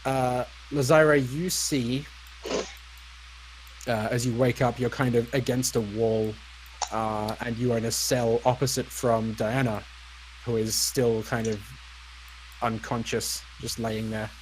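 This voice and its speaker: A young man narrating as dungeon master, relaxed and hesitant, with frequent ums and uhs. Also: medium pitch, slight background noise, poor audio. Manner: unhurried, lots of ums and uhs. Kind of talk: narrating a tabletop game.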